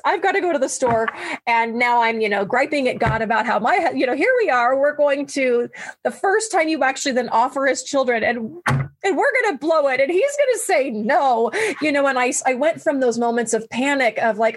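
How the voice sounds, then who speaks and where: A woman telling a personal story in a casual, animated way, laughing and jumping up high when she quotes her own thoughts. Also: normal speed, rough recording. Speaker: guest sharing adoption story.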